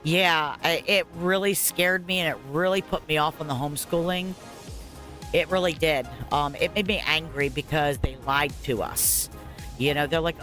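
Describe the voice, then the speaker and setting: A woman's voice: low-pitched, fairly even intonation, normal speed, a bit bright, soft background music. Rambling, candid middle-aged mother telling a story. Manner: rambling, candid, frequent fillers and 'blah, blah, blah'. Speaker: parent telling her story. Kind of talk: casual spoken story over gameplay.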